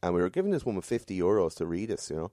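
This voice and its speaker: Male podcaster, very low mellow voice, swears, rambles through stories. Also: sing-song, racing, no room sound, studio quality. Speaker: podcast host. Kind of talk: casual storytelling chat.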